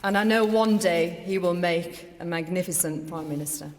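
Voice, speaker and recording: A middle-aged woman gives a rallying victory speech in a low-pitched voice. She makes emphatic declarations into a lectern microphone. Her words ring out with a long reverb through a large count hall. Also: normal speed. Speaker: newly elected mayor. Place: election count hall, indoors.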